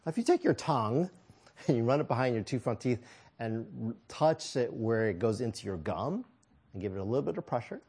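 A man's voice: mid-range voice, expressive, brisk, darkish tone, slightly rough. A man preaching a sermon, telling a personal story with self-deprecating humor and frequent chuckles.

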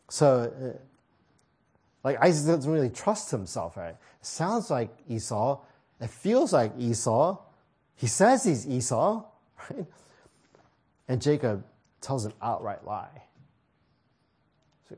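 A man's voice: medium pitch, very animated, slow pace, long pauses, warm tone, slightly rough. A man preaching a sermon, reading scripture and explaining it in a conversational way with casual asides.

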